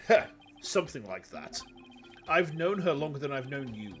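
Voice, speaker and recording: A man's voice: mid-range voice, sing-song, moderate pace, fairly bright tone, faint music behind. A man playing a stern, samurai-like male prosecutor who speaks in a grave, old-fashioned, cutting way. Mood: dry.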